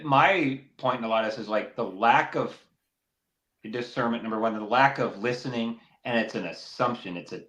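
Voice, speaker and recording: Earnest man in a roomy echo. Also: medium pitch. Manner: earnest, rambling, animated when mimicking others. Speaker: podcast co-host. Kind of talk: casual faith chat.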